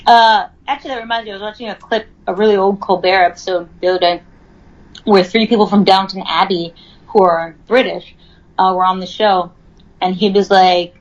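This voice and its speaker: Young woman host, chatty and loose, mid pitch, muffled recording. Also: steady tone, brisk. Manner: chatty, lots of ums and likes. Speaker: podcast host. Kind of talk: casual chat. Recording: slightly dull, lo-fi audio.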